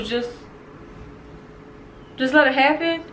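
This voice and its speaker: A woman's voice: on the high side, big pitch swings, normal speed, long pauses, pushed and bright. Emotional woman reacting in an echoey room. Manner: emotional and outspoken, talking straight to viewers. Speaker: reaction video host. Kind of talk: casual reaction commentary. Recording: echoey room with faint noise.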